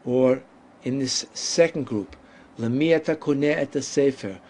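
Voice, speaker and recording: A man teaching a Hebrew lesson, speaking deliberately and pausing to let learners answer. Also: medium pitch, darkish tone. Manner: deliberate, drawn-out pronunciation with pauses. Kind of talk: slow, patient language lesson.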